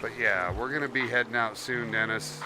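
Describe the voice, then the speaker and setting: A male live streamer chats casually during a game stream over background music, referring to himself in the third person and showing affection for his viewers. His medium-pitched voice is fairly even in intonation and brisk.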